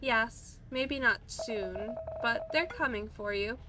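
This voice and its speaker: A woman reading a gentle, reassuring guide. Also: fairly high pitch, slow pace, music in the background.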